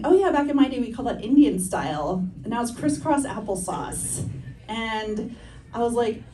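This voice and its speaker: A woman's voice: on the high side, reverberant, a little hiss or hum. Chatty woman comic laughing through jokes. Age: 30s. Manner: chatty, self-deprecating, laughs through her lines. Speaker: stand-up comedian. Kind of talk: stand-up comedy set. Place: comedy show stage on a campus, indoors. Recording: distant stage mic with loud audience laughter. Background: audience laughing.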